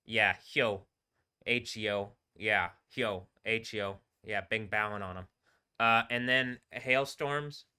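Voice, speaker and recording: Man streamer, rambling and halting, very bright tone, lowish voice, off-the-cuff. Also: smooth. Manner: rambling, halting, trails off and restarts words. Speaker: live streamer. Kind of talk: casual rambling livestream talk.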